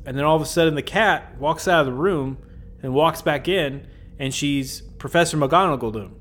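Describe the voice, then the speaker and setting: A man's voice: on the high side, normal speed, fairly bright tone, slight background noise. Jokey man recapping episodes casually. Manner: jokey, rambling asides with chuckles. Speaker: podcast host.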